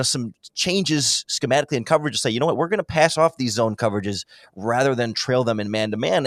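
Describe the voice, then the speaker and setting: A man in casual football analysis chat, talking in quick animated bursts as a podcast guest. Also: mid-range voice, no echo. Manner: animated, quick, breaks into mock impressions. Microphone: remote call microphone.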